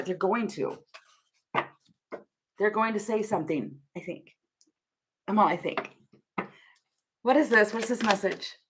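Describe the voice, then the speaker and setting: A woman's voice: mid-range voice, background noise. A young woman giving a casual tarot reading to camera, rambling and laughing often as she thinks aloud. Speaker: tarot reader.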